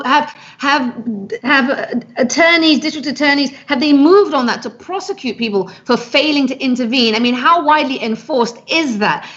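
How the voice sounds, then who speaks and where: A woman's voice: on the high side, a bit bright, dull audio. A woman hosting a live-stream interview, putting probing questions to her guest with occasional stumbling restarts. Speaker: host.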